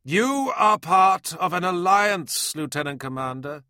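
A man voicing a cold, mechanical male liaison who speaks over an intercom with sterile, assured calm. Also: high-pitched, unhurried, no echo, clean studio sound, voice pushed up, exaggerated voice. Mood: commanding.

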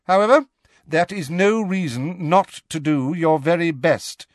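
A man voicing a strict elderly female professor, speaking in a crisp, measured, formal way. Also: fairly high pitch, dry recording, studio quality, pitched above the performer's own voice, close to an everyday voice. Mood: stern.

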